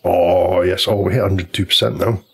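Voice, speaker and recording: A man's voice: deep voice, fairly even intonation, normal speed, noisy background. A man casually telling a long, rambling story while commenting on a golf video game. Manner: chatty storyteller, loose and informal, many restarts.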